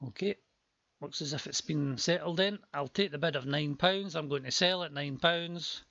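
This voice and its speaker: Male auctioneer, chatty, worn voice, fairly high pitch, dry close sound. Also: moderate pace, gravelly, sharp tone, dry recording, highs cut off. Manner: chatty, joking asides between bids. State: voice worn from a long day before. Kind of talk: live auction calling.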